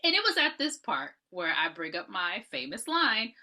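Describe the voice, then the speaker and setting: A woman co-hosting a podcast, relaxed as she recaps and rates a horror movie in casual talk. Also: a little high, normal speed. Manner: relaxed, gives ratings and recommendations. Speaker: podcast co-host.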